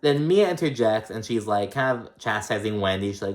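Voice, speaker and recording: A man's voice: mid-range voice, lively intonation, normal speed, hardly any pauses. A man giving a loose, chatty recap of a reality show, full of swearing and filler words, sometimes slipping into voices for the people he quotes. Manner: loose, profane, chatty with many "like"s and "um"s; acts out quoted lines in shifting voices. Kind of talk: casual recap commentary.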